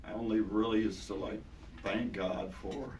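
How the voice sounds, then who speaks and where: Older man, hoarse, low voice, earnest casual sermon, echoey church hall, distant mic. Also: fairly even intonation, normal speed, darkish tone. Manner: earnest, casual and conversational, repeats words for emphasis. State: hoarse, voice partly gone. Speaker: pastor. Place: large church hall with congregation. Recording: echoey hall, taken from far off, noisy.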